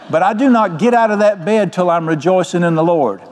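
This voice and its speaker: A man's voice: sits high, a little slow, long pauses, a little mellow, a little hiss or hum. An older man preaching a sermon as pastor, folksy and joking. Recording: long hall reverb.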